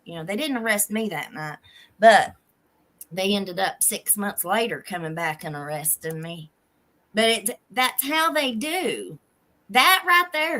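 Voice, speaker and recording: A woman hosting a show, telling her own stories in a plain, unhurried way as she comments on a clip. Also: a little high, bright, forceful tone. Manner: slow, plainspoken storytelling. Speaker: host. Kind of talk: casual commentary on a video clip.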